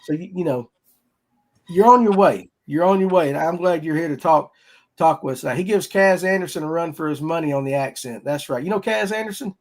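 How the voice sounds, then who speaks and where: A man's voice: on the high side, fast talker. A man hosting a casual fishing podcast, folksy and rambling. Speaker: podcast host.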